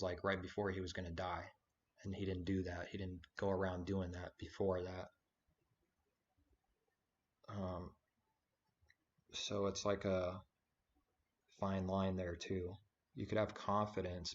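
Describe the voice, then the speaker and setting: A man giving an informal spoken sermon, rambling and conversational, with frequent fillers and restarts. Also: low voice. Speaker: preacher. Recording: dull lo-fi recording.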